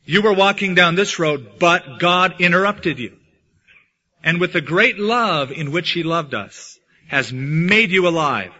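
Bright, husky-voiced male preacher. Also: on the high side. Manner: dramatic preacher, swings from loud to hushed. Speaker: pastor. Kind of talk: sermon. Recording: dull lo-fi sound.

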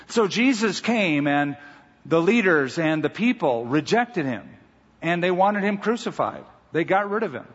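Husky pastor preaching in a hall. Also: male voice, sits high, animated. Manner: storytelling, measured and emphatic. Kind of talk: sermon. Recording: dull audio with long hall reverb.

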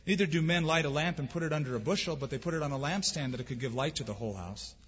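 A pastor preaches a sermon earnestly and emphatically, posing rhetorical questions. His voice is on the high side, fairly bright and slightly rough, and he races along. The recording sounds dull and lo-fi with a long hall reverb.

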